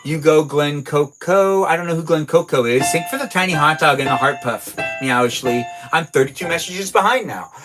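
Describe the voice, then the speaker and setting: A man's voice: fairly high pitch, a little fast, few pauses, music in the background, poor audio. A man hosting a casual livestream from his garage, chatting in a rambling, playful way as he answers viewer messages aloud. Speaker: livestream host reading viewer chat. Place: home garage.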